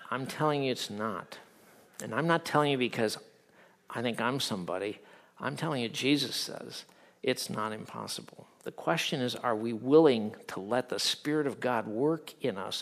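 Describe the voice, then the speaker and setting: A middle-aged man preaching a sermon as pastor, animated, swinging from loud acted quotes to hushed earnest tones. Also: mid-range voice, creaky.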